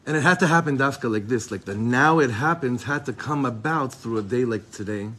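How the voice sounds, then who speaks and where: A man's voice: medium pitch, brisk, fairly bright tone. A man giving an informal Torah class to a group, talking casually with many restarts and Hebrew terms mixed in. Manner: casual and rambling, sprinkled with Hebrew and Yiddish terms; frequent restarts and fillers, chuckles often. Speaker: Chabad teacher giving a class.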